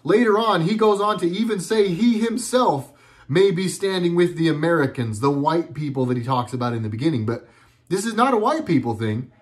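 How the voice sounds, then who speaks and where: A man's voice: fairly high pitch, lively intonation, fairly quick. A middle-aged man talking at home in a casual monologue, earnest and rambling, often stopping and restarting his sentences. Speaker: video blogger.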